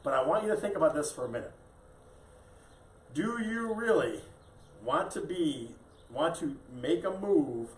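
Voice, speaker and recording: A man's voice: a little high, a little mellow, roomy sound, far from the mic, a little hiss or hum, low-quality recording. A man co-hosting a live real estate show, talking in a chatty, joking way full of "yeah" and "right". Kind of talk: casual live-stream chat.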